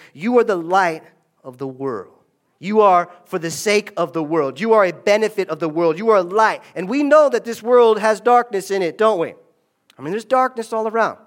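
A pastor preaching a lively, conversational sermon in a church and drawing the congregation into call-and-response. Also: male voice, high-pitched. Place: church sanctuary.

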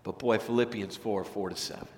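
A man preaching a sermon as pastor, animated, swinging from loud, energetic lines to hushed ones. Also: on the low side, a little fast. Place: church sanctuary. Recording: long reverb of a church sanctuary.

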